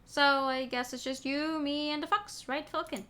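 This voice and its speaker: A woman's voice: high-pitched, steady tone, normal speed, sharp tone, pitched above the performer's own voice. Woman doing an eager sparrow sidekick. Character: cheerful young male sparrow assistant.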